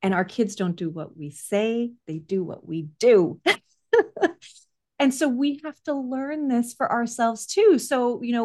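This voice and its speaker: A woman hosting an interview, enthusiastic and emphatic, who talks in vivid hypotheticals. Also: a little high. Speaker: podcast host, parent coach. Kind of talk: conversational interview.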